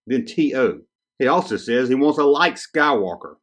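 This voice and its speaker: A man's voice: medium pitch, sing-song, normal speed, a bit bright. A man hosting a podcast, reading children's letters aloud in a casual, joking way with teasing asides. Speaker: podcast host.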